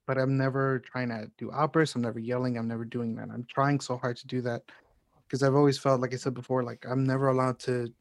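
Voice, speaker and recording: A man's voice: mid-range voice, flat delivery, brisk, no room sound. A young man in casual podcast chat, talking candidly and rambling with lots of fillers and swearing.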